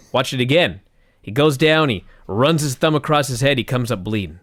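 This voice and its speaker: A man co-hosting a casual wrestling recap podcast, sarcastic and animated as he tells a long story. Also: mid-range voice, moderate pace, no room sound, clean studio sound. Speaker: podcast co-host.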